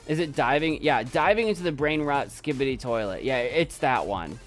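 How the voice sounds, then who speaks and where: Lively, self-doubting young male streamer. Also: mid-range voice, moderate pace, faint music behind. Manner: rambling, self-doubting, repeats himself. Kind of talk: casual live-stream chat. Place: home desk setup.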